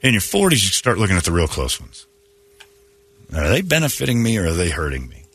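A man with a husky but bright voice hosts morning radio and talks bluntly. His pitch swings widely as he jokes and reads listener mail aloud. He sounds low-pitched and animated. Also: a little fast. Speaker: radio show host. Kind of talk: casual morning radio banter.

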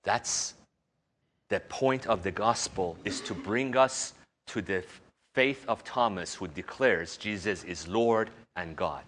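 A man giving a recorded course lecture, teaching in an animated way. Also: on the low side, slow pace. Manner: animated teaching, slips into exaggerated voices when quoting others.

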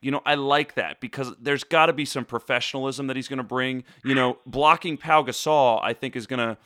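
A man's voice: mid-range voice, fairly even intonation, a little fast, fairly bright tone, no echo, studio quality. A man talking basketball in a loose, rambling casual chat, full of "you know" fillers. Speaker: basketball talk co-host.

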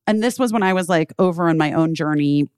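A woman co-hosting a podcast in casual chat, expressive and quick to jump in with details and casual swearing. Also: sits low, smooth, dry recording, clean studio sound. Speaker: podcast co-host.

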